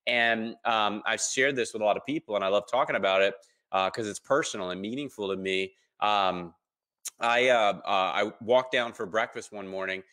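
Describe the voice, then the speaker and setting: A man in his thirties talks as a guest in a relaxed interview. His voice is bright and forward, and he jumps into other people's voices whenever he quotes them. His storytelling is lively and full of ums. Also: fairly low pitch, moderate pace. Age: 30s. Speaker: podcast guest.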